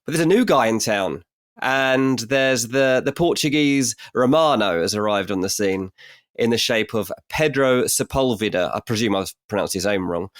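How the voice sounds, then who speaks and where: A man's voice: on the low side, clear, resonant tone, no echo, studio quality. A man, a football transfer journalist, chatting on a podcast in a jokey, teasing, rambling way. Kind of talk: casual football podcast chat.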